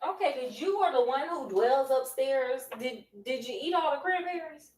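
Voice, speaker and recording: Woman, high voice, sassy gossip, casual cooking chat. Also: expressive, moderate pace, darkish tone. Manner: sassy, gossipy, dramatic retelling. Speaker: cooking vlogger.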